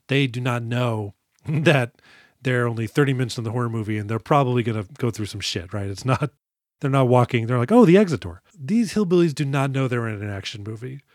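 A man's voice: medium pitch, no echo, studio quality. A man co-hosting a podcast, chatting casually and joking about a movie, often laughing mid-sentence. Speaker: podcast co-host. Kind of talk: casual comedic movie chat.

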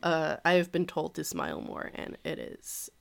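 Smooth-voiced woman chatting animatedly. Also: low voice, moderate pace. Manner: animated, laughing storyteller. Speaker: podcast co-host. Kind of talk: casual chat.

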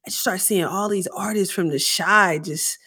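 Woman host, hyped up, slangy casual talk, mid pitch. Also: normal speed, pushed and bright, husky. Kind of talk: casual conversation.

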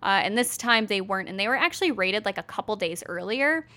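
Podcast lady, bright tone, relaxed storytelling, says like a lot, swears casually. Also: mid-range voice, fast. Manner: laid-back, fillers and laughs, swears casually. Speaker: podcast co-host. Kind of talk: casual history chat.

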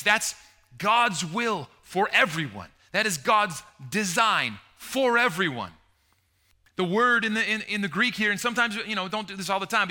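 A high-pitched man preaches a passionate sermon, alternating loud emphasis with hushed, emotional tones and lingering on key words.

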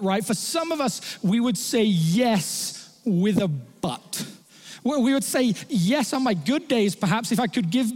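A male pastor delivers a sermon in a church, his voice pitched fairly high for a man. He talks conversationally, dropping humorous asides to the congregation. A long reverb trails his words through the hall. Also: a little mellow.

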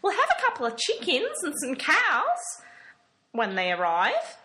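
A woman plays a distracted, flustered charity organizer who stumbles over her words. Her bright, fairly high voice moves up and down a lot. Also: wildly swooping pitch, unhurried, slight background noise, full character voice. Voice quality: flustered, hesitant.

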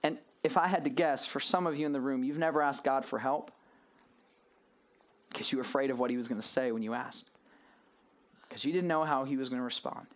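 A man preaching a sermon to a gathered room, with a mid-pitched voice. He talks to the listeners through rhetorical questions. His energy rises and falls, moving between near-hushed passages and raised, emphatic ones. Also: brisk, long pauses. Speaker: pastor. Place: church or youth gathering room.

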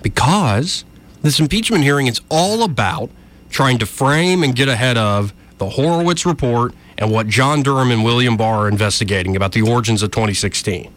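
A man's voice: mid-range voice, lively intonation, normal speed, a bit bright. A man giving argumentative political commentary, addressing his listeners directly. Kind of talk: opinion commentary.

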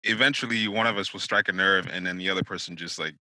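A man's voice: low voice, fairly even intonation, quick pace, bright, forceful tone, dry recording, poor audio. A young man hosting a podcast, casual and frank, cursing freely. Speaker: podcast host.

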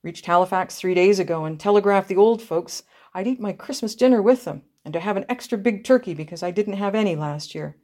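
A woman's voice: medium pitch, fairly quick, mellow, natural voice. A woman reading aloud, voicing a young male soldier back from the war, plain-spoken and rueful.

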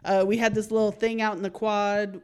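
A woman's voice: mid-range voice, level tone, fairly quick, smooth. A woman in her thirties co-hosting a podcast in casual chat, wry and joking. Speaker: podcast co-host.

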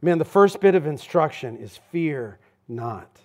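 A man preaching a sermon as pastor, talking in a conversational, emphatic way that swings between loud and hushed. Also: fairly high pitch, lively intonation, unhurried, few pauses. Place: church sanctuary.

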